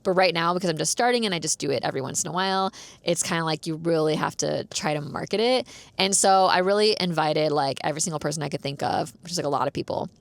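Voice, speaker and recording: A woman's voice: low-pitched, fast, vocal fry, dry recording. A young woman casually telling a story as a podcast host, chatty, filling her talk with "like" and laughing often. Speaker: podcast host and dance teacher.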